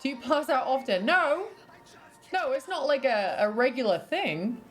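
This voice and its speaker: Giggly British woman streamer, high voice. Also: lively intonation, moderate pace, soft background music. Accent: British, partly American after years in the US. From Britain. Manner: chatty and giggly, swears freely, coos at her dog. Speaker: livestreamer. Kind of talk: casual livestream chat, reading out chat.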